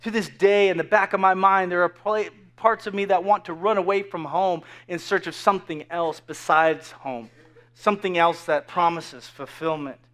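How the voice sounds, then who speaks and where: A man with a fairly high voice preaches an animated, earnest sermon. He restarts his phrases often and repeats words as his thoughts run ahead. When he quotes a whisper, his voice sinks to a soft hush. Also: moderate pace. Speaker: pastor.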